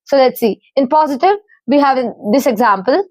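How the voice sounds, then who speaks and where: A woman with an Indian English accent and a high voice teaches grammar in a steady, patient way. She spells out letters and reads through lists of word forms one by one. The sound is close and dry, with no room around it. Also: a little fast, no echo. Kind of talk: explaining grammar rules.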